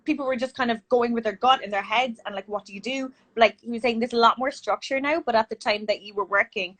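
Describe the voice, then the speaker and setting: A woman's voice: on the high side, quick pace, fairly bright tone. A woman with an Irish accent interviewing a guest in casual chat over a video call, talking with lots of fillers. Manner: chatty, many fillers.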